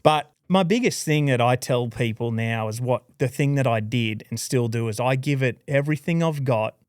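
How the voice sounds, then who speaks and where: An Australian man, a podcast guest, telling his story in a lively, rambling way, peppered with "dude" and "like". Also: medium pitch, moderate pace, clean tone, no room sound, clean studio sound. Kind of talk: casual storytelling interview.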